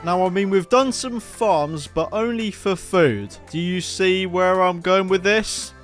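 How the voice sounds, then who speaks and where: A man's voice: high voice, measured pace. Joking man narrating a game. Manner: jokey, self-mocking, sarcastic asides. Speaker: Minecraft YouTuber. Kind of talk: playful gaming commentary. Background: background music.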